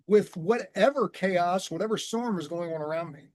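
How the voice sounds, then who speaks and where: Earnest, measured man with a high voice. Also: darkish tone, no room sound. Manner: measured, earnest, slows down on key words. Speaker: guest, transformation coach. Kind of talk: reflective conversational storytelling.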